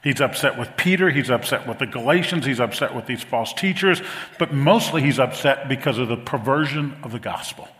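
A middle-aged man preaching a sermon as pastor, animated and repeating phrases for emphasis. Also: medium pitch, fairly quick. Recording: long reverb of a large hall.

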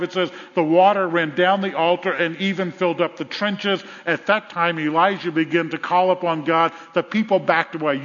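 A pastor with a Southern US accent preaching a sermon in a church, retelling a story with animated repetition. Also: male voice, high-pitched. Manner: animated storytelling with repeated phrases. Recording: echoey hall, dull lo-fi sound.

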